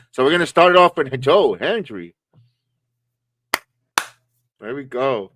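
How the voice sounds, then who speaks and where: A man's voice: mid-range voice, expressive, a little slow, long pauses, a bit bright, dry recording. A man co-hosting a live watch-along stream, chatting casually and joking as he reacts to the matches. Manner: chatty, reacting with laughs and jokes.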